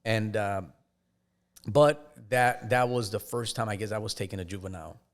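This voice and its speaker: A man, a podcast guest, telling his life story in a casual, halting way with frequent restarts. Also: fairly low pitch.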